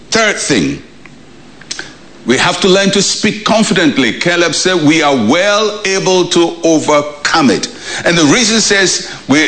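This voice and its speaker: A man preaching a short devotional sermon as a pastor, emphatic, with dramatic pauses. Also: on the high side, bright, forceful tone, rough recording.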